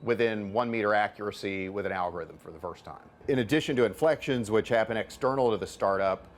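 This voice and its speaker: A man's voice: lowish voice, fast talker, slight background noise. A middle-aged man, a venture capitalist and author, answering interview questions in an explanatory way, often repeating words as he builds a point.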